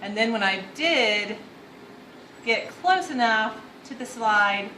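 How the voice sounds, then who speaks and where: A woman's voice: on the high side, animated, slow, pushed and bright. A young woman, a mother, narrating a casual family vlog in a chatty, rambling way with fillers. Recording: echoey with faint background noise.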